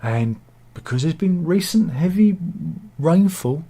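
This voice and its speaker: A man's voice: fairly high pitch, animated, measured pace, dark tone, breathy edge. A man giving casual satirical news commentary, full of wry self-mocking asides and mock-dramatic quips. He talks over pictures he shows. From England.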